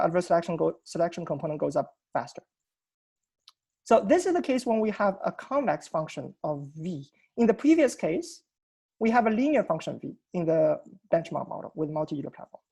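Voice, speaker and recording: A man presenting at an academic seminar over a video call. His voice is gravelly, mellow and a little husky. He explains technical ideas methodically and often restarts his sentences. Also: sits high.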